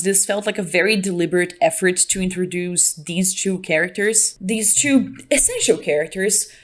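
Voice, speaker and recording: A young woman reviewing a TV show on camera, chatting casually with a sarcastic, playful edge. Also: medium pitch. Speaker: video reviewer.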